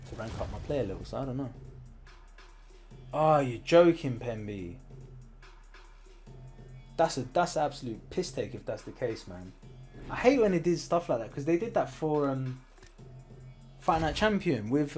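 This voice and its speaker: A man with a British accent giving casual commentary while he plays a video game. He is chatty, then drops into quiet muttering while he concentrates. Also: a little high. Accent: British English. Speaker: gaming streamer.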